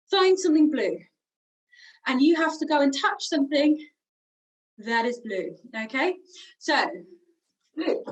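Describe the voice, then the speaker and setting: A British woman who leads singing workshops guides an energetic warm-up game over video, pacing the room and calling out moves. Her voice is high, a bit out of breath, and picked up from some distance away.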